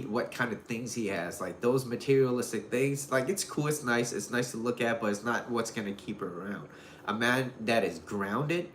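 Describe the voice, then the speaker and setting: A man's voice: mid-range voice, fairly bright tone. A man giving casual dating advice in a loose, rambling way, full of "like" and "you know". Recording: roomy echo with faint noise.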